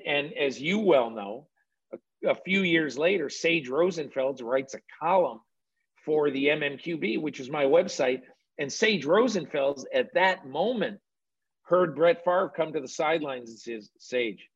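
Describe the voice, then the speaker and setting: A man's voice: a little high, animated, a little slow, breathy edge, lo-fi sound. A man hosting an interview, talking in a loose, rambling way and correcting himself as he goes. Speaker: host. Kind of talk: conversational radio interview.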